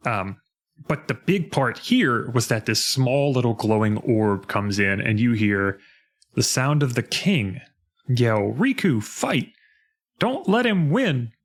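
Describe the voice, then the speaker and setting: A man co-hosting a podcast, chatting casually about a video game and acting out its lines in a lowered voice. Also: slow. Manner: animated, acts out character lines in a lowered voice. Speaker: podcast co-host.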